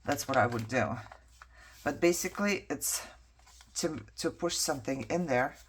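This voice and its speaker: A woman vlogger with an extremely low, slightly breathy voice chats casually to herself at a moderate pace while working on a craft project. Her intonation is lively, and she trails off and picks back up, venting her frustration.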